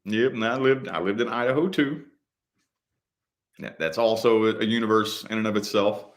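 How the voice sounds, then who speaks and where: A man in relaxed, rambling casual chat with viewers, full of "you know" fillers and the odd curse word. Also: fairly low pitch, normal speed. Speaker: host answering viewer comments.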